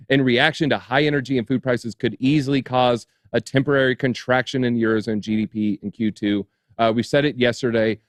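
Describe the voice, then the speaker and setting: A man's voice: medium pitch, steady tone, brisk, dry recording. Man reading market news with sarcastic asides. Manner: reads headlines, then adds dry sarcastic asides. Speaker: crypto show co-host. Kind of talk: news commentary, reading articles aloud.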